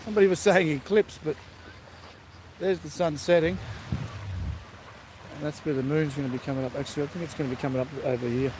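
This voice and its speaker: A man's voice: on the high side, steady tone, fast, long pauses, darkish tone, a little hiss or hum. A man hosting a casual livestream outdoors by the sea, chatting and greeting viewers by name. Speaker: livestream host. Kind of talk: casual chat with live viewers.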